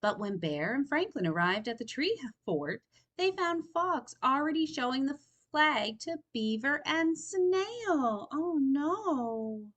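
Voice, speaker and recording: Slow, expressive woman reading to kids. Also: high-pitched, muffled recording. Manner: expressive, explaining words for kids. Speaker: storyteller. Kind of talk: reading a picture book aloud to children.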